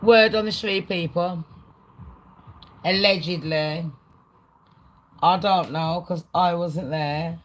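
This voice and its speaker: Excitable sweary woman ranting. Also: fairly low pitch, slow pace, long pauses, rough recording. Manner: excitable, rambling, heavy swearing. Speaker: livestream host. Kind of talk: casual rant to a live chat.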